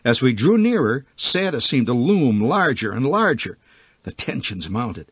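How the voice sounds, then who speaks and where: Wry male storyteller, husky dull old recording. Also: mid-range voice, very animated, a little slow, no room sound. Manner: wry, vivid comic storytelling. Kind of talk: reading his own humorous short story.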